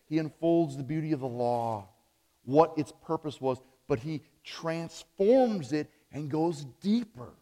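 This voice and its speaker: A man preaching a sermon as pastor, emphatic, punching key words and letting phrase endings drop low. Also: big-room sound. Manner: emphatic, swings between loud stresses and low dropped phrase endings.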